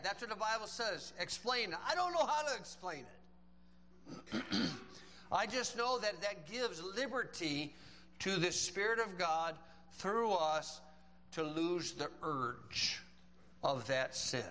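Folksy preacher guy, kinda high voice, cracking jokes between bible verses. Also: animated, a little slow, sharp tone, long reverb tail, rough recording. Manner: folksy, joking asides between scripture quotes. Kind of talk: sermon.

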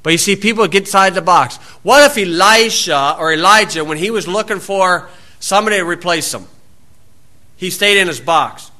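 A man preaching a sermon in a folksy storytelling way, acting out the people in his stories and shouting out scripture. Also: sits high, moderate pace. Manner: folksy storytelling, acts out voices, loud shouted quotes.

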